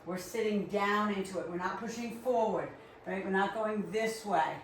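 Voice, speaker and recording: A woman's voice: medium pitch, moderate pace, a little hiss or hum. A woman with a Rhode Island accent coaching a live workout class, upbeat and encouraging as she counts reps. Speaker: fitness instructor. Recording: very echoey room, far from mic.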